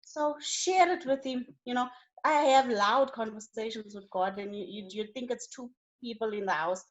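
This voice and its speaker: Earnest preaching woman, somewhat high voice. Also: moderate pace, low-quality recording. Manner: earnest and preaching, with rising bursts of emphasis. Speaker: guest. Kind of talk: faith testimony in a studio interview.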